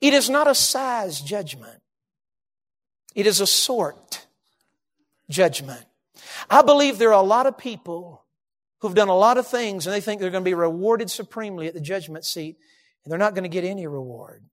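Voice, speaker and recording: A preacher man delivering a sermon. He swings from loud emphatic peaks down to low, hushed phrase endings, in a moderately pitched voice. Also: expressive, normal speed, pauses often. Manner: emphatic, rising to shouts then dropping to low hushed endings.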